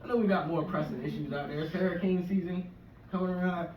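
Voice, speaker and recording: A man's voice: high voice, steady tone, quick pace, lo-fi sound, a crowd in the background. A man in his forties from the US East Coast shore doing a rambling, profane stand-up rant in a conversational way. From US East Coast shore area. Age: 40s. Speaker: stand-up comedian. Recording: echoey room, mic from a distance, faint noise.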